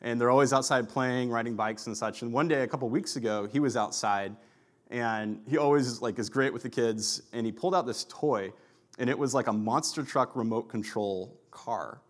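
A male pastor delivering a sermon in a relaxed, conversational style. He tells stories casually, with lots of "like" and filler words. His voice sits at an ordinary middle pitch. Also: normal speed. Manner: chatty storyteller, heavy use of "like". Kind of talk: sermon with personal storytelling.

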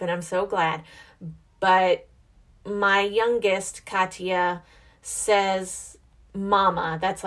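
A young woman and mother, chatting casually and rambling a little, reflective and quick to laugh. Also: on the low side, fairly bright tone. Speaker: mother vlogger. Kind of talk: casual chat.

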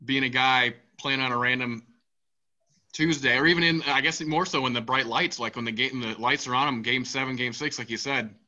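A man hosting a casual sports podcast, energetic and swearing freely as he moderates the panel. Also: mid-range voice, fairly quick, highs cut off. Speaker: podcast host.

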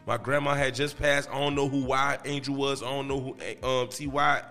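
A man's voice: mid-range voice, level tone, moderate pace, sharp tone, in a large hall, soft background music. A man telling a story as a podcast guest in loose, profane street talk. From Miami, Florida. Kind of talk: casual storytelling.

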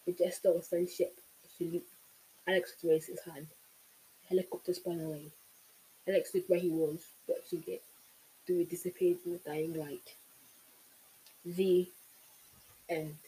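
A host reading a novel aloud in steady narration, with small slips now and then. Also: medium pitch, unhurried, long pauses, low-quality recording. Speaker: audiobook reader, channel host.

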